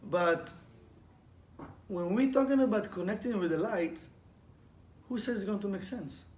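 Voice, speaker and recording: In an echoey room with faint background noise, a high-pitched male Kabbalah teacher gives a casual spiritual lesson built around storytelling. His pace is unhurried, yet he's lively, laughing a lot and performing quotes and sound effects.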